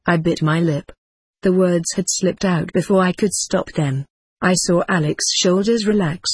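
A woman narrating an audiobook memoir in a measured, steady storytelling manner. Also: on the low side, slightly rough, no echo.

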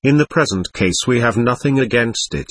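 Man doing a formal lawyer, measured, husky, dry audiobook. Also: medium pitch, animated, no room sound, close to an everyday voice. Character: formal male investigating lawyer, composed.

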